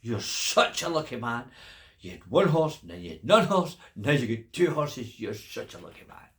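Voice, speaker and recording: A grandad doing jealous, nagging pub farmers. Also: male voice, mid-range voice, very animated, normal speed, a bit bright. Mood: amazed. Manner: envious and insistent. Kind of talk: storytelling.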